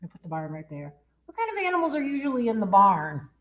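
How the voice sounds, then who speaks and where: This Michigan youth librarian talks fast in a mid-range voice that's a bit bright, her pitch swinging widely. She hosts a children's story time in sing-song fashion, questioning the kids and copying animal sounds.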